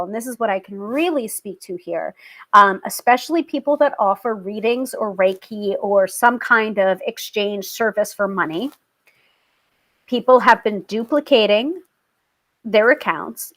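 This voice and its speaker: A woman hosting her own tarot show, chatting casually to viewers, animated and quick to laugh. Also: mid-range voice. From family British. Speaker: tarot reader and show host.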